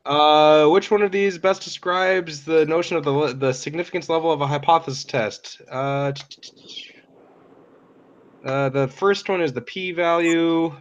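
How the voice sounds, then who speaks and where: A young man steering a student study group on a call, brisk and lightly wry. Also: fairly high pitch, fairly even intonation. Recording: dull audio with faint noise.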